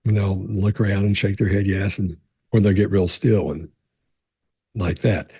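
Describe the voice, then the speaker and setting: A man's voice: sits low, steady tone, moderate pace, warm tone, husky, no echo. A middle-aged man with a conversational style, answering questions about body language and telling stories with frequent restarts. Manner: conversational, storytelling, frequent restarts and "you know". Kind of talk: casual explanatory talk to camera.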